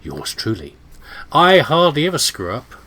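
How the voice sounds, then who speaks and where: A man's voice: mid-range voice, wildly swooping pitch, a little slow, pushed and bright, slightly rough, pitched above the performer's own voice, heavily acted. A man voicing a boastful male hacker in a put-on accent, sounding nasal and blocked up. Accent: generic put-on hacker accent.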